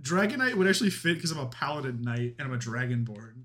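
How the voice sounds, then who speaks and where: A young man in the middle of a tabletop game session, talking loosely with friends at an ordinary pitch. He laughs constantly and drops curse words without a second thought. His delivery is casual and unpolished. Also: big pitch swings, fast talker, fairly bright tone. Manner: laughs a lot, swears casually. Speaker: player creating a paladin. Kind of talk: casual chat.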